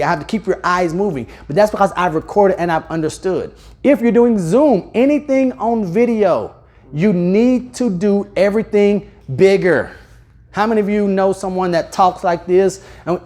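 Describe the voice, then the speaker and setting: A man leading a live sales seminar in a training room, addressing the audience with questions and deliberately speeding up, slowing down, and shifting his volume. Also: high voice. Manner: energetic, speeds up and slows down, louder and softer on purpose. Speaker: real estate sales trainer.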